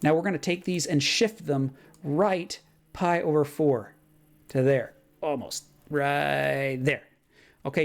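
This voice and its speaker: A man teaching a recorded math lesson in a casual way, thinking aloud with fillers and quick self-corrections. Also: mid-range voice.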